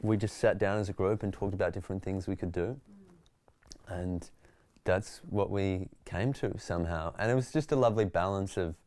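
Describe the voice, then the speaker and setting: An Australian man, a stand-up comedian, telling stories in a relaxed, reflective way during an interview. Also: low-pitched, normal speed, dry recording. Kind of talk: interview conversation.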